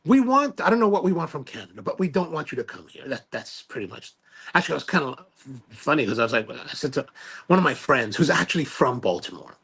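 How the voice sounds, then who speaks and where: Male livestream host, gravelly and husky tone, loose rambling self-deprecating delivery while reading viewer comments. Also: on the high side, big pitch swings, fast, a bit bright. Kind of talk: casual chat, reading viewer comments aloud.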